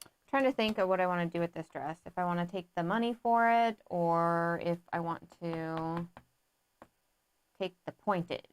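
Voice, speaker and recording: A woman's voice: fairly low pitch, moderate pace, clear, resonant tone. A woman co-hosting a live board game playthrough, giggling, thinking aloud about her moves and apologizing for mistakes. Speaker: board game show co-host. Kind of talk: casual live playthrough chat.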